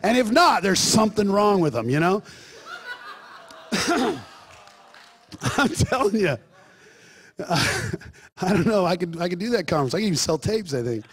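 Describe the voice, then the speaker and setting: Brief: male pastor, high tenor, jokey asides turning into forceful preaching. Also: big pitch swings, a little slow, pauses often, slight background noise. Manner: joking asides, then emphatic preaching. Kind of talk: sermon.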